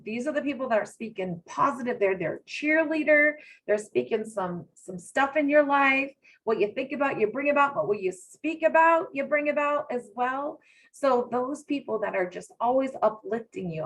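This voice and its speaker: Woman, motivational speaker, energetic, direct address, slightly high voice. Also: poor audio. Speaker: co-host presenter. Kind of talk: motivational talk.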